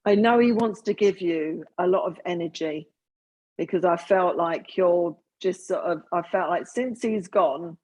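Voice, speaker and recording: A woman serving as a spiritualist medium speaks in a low, husky voice. She talks in a halting, earnest way, full of fillers and restarts as she gives her reading. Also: darkish tone.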